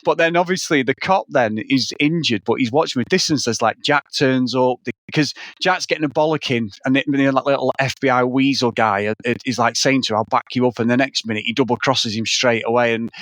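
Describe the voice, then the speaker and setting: A man chatting casually about a film, rambling through scenes and swearing freely. His voice sits at an ordinary pitch, and it is recorded dry and close, with no room sound. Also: fairly quick, fairly bright tone, no room sound. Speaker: podcast co-host.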